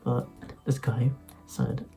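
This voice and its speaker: A man's voice: medium pitch, flat delivery, slow, vocal fry, mellow, faint music behind, poor audio. A young man from Ireland, rambling loosely through an unscripted vlog talk with sarcastic asides. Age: young adult. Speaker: YouTuber.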